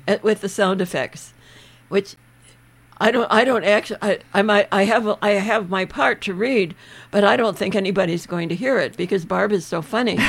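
Slow, halting actor in an interview. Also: medium pitch, gravelly. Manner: slow, halting talk with restarts. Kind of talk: interview chat.

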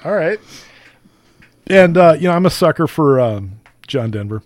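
A man's voice: on the high side, lively intonation, normal speed, no room sound. Guy hosting local radio, lots of uhs and restarts, dry close mic. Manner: rambling, many fillers and restarts. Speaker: radio host. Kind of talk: casual radio chat.

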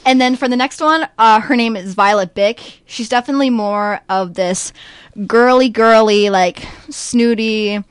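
A woman's voice: fairly high pitch, a little slow, clear, resonant tone, dry recording. A young woman actor talking eagerly in an interview about voicing her roles. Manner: eager, chatty, many fillers. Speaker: young stage actor, guest. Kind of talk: interview chat.

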